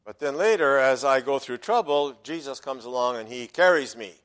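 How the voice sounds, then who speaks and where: A man preaching a sermon as pastor, emphatic, dropping to quiet asides and rising loudly on quoted verses. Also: mid-range voice, expressive, moderate pace, clean tone.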